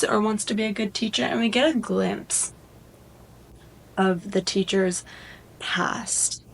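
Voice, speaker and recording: A woman's voice: medium pitch, rough recording. Rambling woman vlogger retelling a story. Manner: rambling, lots of "like", animated. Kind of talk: casual plot retelling.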